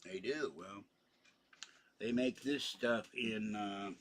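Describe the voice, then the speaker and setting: A man's voice: fairly low pitch, slow, fairly bright tone. A tired man hosting a casual livestream, rambling from one topic to the next with many fillers and yawns. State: tired, yawning. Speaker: livestream host.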